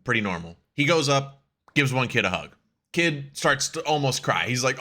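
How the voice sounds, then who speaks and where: A man's voice: medium pitch, lively intonation, moderate pace, bright, forceful tone. A young man co-hosting a podcast, ranting in casual chat, swearing often and laughing a lot. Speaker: podcast co-host.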